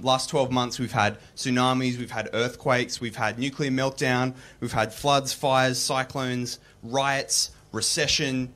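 A man's voice: medium pitch, a bit bright. A man doing casual stand-up comedy on a live stage, rambling with many ums.

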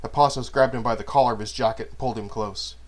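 Male narrator, mid-pitched, steady audiobook read of a fantasy serial. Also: quick pace.

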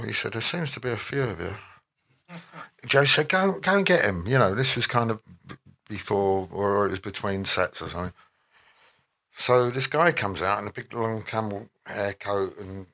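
Bright-voiced man telling stories. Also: on the low side, creaky. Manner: rambling, animated anecdotes with quoted voices. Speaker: interview guest. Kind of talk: anecdotal storytelling.

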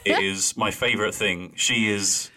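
A man co-hosting a podcast with a low voice. His tone has a bright, forward edge. He talks in an animated, playful way and laughs easily. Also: unhurried. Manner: animated, laughs easily, does mocking impressions of deadpan lines. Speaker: podcast co-host. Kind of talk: casual chat.

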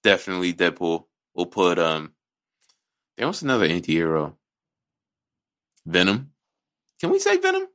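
A man's voice: sits low, huge pitch swings, normal speed, long pauses, fairly bright tone. Ranting, profane podcast guy. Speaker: podcast co-host. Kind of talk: casual chat.

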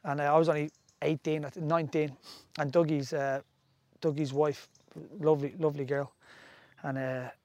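Irish ex-footballer guest, forties, higher pitch, dry, chatty and full of restarts. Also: male voice, flat delivery, moderate pace, a little mellow, no echo. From Ireland. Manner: rambling storytelling with restarts. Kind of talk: casual chat.

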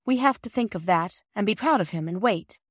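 A woman's voice: medium pitch, lively intonation, a little fast, no room sound, studio quality, natural voice. A woman reading a storybook aloud, voicing a firm, reassuring mother. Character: loving mother, steady and proud.

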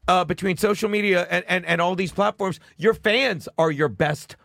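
Blunt, profane comedian with a high voice. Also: male voice, normal speed, creaky, a bit bright, dry recording, clean studio sound. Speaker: comedian guest. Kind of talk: casual podcast chat.

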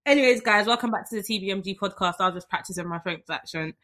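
A woman's voice: medium pitch, quick pace, fairly bright tone. A young woman hosting a casual podcast chat, bubbly and teasing. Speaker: podcast host.

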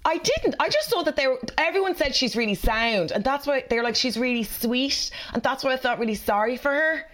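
A woman's voice: high voice, lively intonation, fairly quick, few pauses, a bit bright. A woman co-hosting a podcast, telling gossipy stories in casual chat. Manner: chatty, gossipy storytelling. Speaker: podcast co-host.

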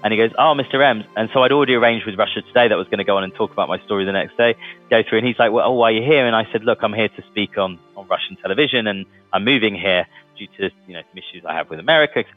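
Fast-talking man with a tinny, phone-like sound. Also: on the low side, faint music behind. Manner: chatty, laughs as he talks. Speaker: interviewee. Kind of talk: casual storytelling in an interview.

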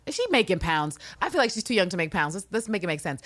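A woman co-hosting a casual recap podcast, talking in an animated, sarcastic, profane way into a studio mic. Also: lowish voice, fast, hardly any pauses, husky, no echo. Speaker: podcast co-host.

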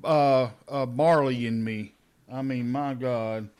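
A man's voice: mid-range voice, steady tone, takes it slowly, darkish tone, smooth. A middle-aged man co-hosting a podcast in casual chat, a chatty storyteller who laughs often. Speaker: podcast co-host.

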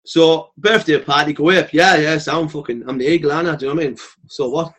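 A man, talking bluntly and swearing freely as a podcast guest, telling animated stories. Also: fairly high pitch, fast. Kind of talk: casual podcast chat.

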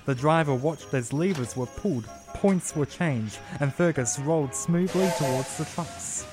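A man reading a children's railway story in a slow, measured storytelling manner. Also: on the high side. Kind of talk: scripted storybook narration. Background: music.

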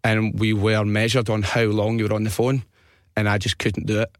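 A man's voice: fairly low pitch, flat delivery, moderate pace, no echo, studio quality. A young Scottish man hosting a podcast, telling stories animatedly, laughing often and swearing freely. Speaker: podcast host. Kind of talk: casual chat.

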